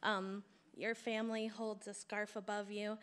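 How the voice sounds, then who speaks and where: A woman's voice: medium pitch, flat delivery, measured pace, fairly bright tone, smooth. A woman in the audience asking a question at a live event, nervous, giggly and earnest.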